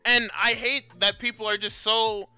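A man's voice: high-pitched, moderate pace, clear, resonant tone, no room sound, highs cut off, soft background music. A man co-hosting a casual gaming chat stream, arguing his point with lots of swearing. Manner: profane, animated arguing. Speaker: podcast co-host.

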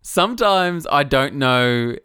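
A man's voice: medium pitch, lively intonation, slow, sharp tone, smooth, no room sound, clean studio sound. A man in his thirties with an Australian accent, co-hosting a podcast in a joking, laid-back way. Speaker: podcast co-host. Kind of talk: casual chat.

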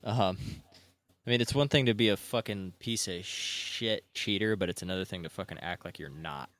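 A man's voice: sits low, normal speed, fairly bright tone. A man on a casual gaming podcast, ranting and swearing constantly.

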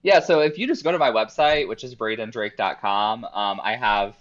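Guy on a podcast over a dull remote line, low voice, easygoing and talkative. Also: normal speed. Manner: relaxed, chatty, uses "like" and "um" a lot. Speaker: podcast guest, business coach. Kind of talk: casual interview chat.

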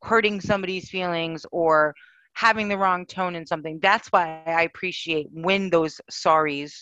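A woman's voice: lowish voice, fairly even intonation, moderate pace, fairly bright tone, no echo, lo-fi sound. A woman co-hosting a casual chat, telling stories animatedly and acting out her own reactions.

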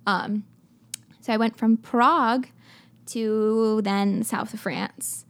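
A young travel vlogger tells travel stories casually and speaks directly to her viewers, chatty and heavy on fillers. Her voice is on the high side, steady and slow.

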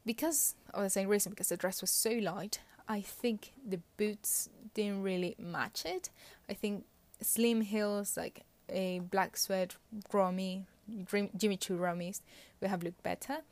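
A woman's voice: medium pitch, steady tone, a little slow, darkish tone, dry recording. A woman giving casual, opinionated commentary on royal fashion, chatty with frequent fillers and little laughs.

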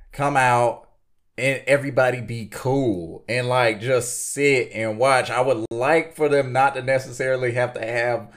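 A man co-hosting a casual podcast, hesitant and laughing easily. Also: medium pitch. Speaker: podcast co-host. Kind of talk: casual chat.

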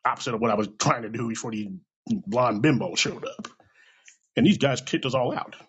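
A man telling a rambling, animated story late at night over a phone mic, swearing often and acting out the voices of people in it. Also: medium pitch, fairly quick, breathy edge, muffled recording. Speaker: storyteller on an audio app.

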